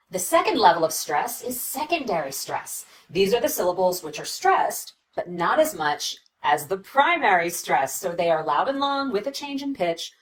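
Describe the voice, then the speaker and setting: A woman teaching English pronunciation in a lively way, modelling words aloud as she explains. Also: mid-range voice, distant mic, slight background noise, poor audio. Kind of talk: teaching video.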